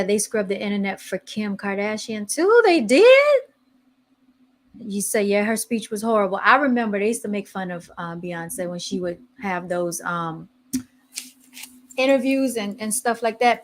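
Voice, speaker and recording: A woman hosting a casual podcast, chatting in an animated way while searching online and reading posts aloud. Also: medium pitch. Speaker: podcast host. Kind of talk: casual chat.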